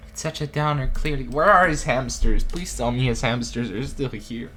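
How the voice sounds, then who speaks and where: Low-voiced woman reacting to a game. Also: moderate pace, few pauses, fairly bright tone. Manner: emotional, swears a lot, laughs. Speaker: let's play streamer. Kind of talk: casual gameplay commentary.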